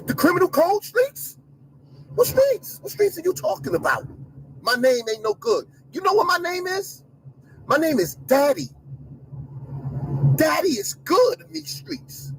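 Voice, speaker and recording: A man's voice: extremely high pitch, gravelly, background noise. A middle-aged man giving an emphatic, repetitive, preachy commentary rant to his online audience from inside a car.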